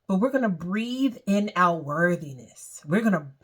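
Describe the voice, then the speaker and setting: A woman's voice: fairly low pitch, lively intonation, husky. A woman leading a guided meditation, speaking in a soothing, repetitive way. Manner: slow, soothing, repeats phrases.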